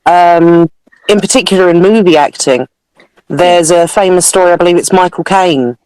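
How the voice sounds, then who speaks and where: A podcast co-host chatting casually about a film, musing aloud and tossing in asides. The voice sits at a middle pitch. The recording is dry and close. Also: moderate pace, a little mellow, clear, resonant tone, no room sound, rough recording. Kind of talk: casual film review chat.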